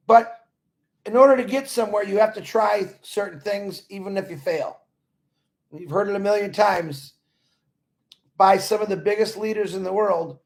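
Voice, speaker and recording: This man, a company supporter addressing members, delivers an earnest, rambling motivational talk in a casual way and keeps repeating himself. He has a high-pitched voice with vocal fry, speaking at a measured pace and pausing often.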